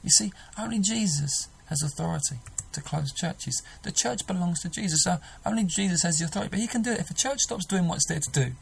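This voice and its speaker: A man's voice: high-pitched, quick pace, creaky, few pauses, husky, rough recording. A man preaching a sermon, earnest and emphatic, often restarting his sentences.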